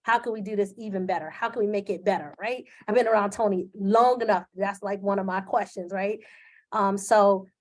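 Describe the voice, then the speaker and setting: Her voice is medium in pitch, steady and darkish, moving a little fast. She is a live video host addressing her computer webcam, sounding candid, earnest, and emotional, and often using fillers.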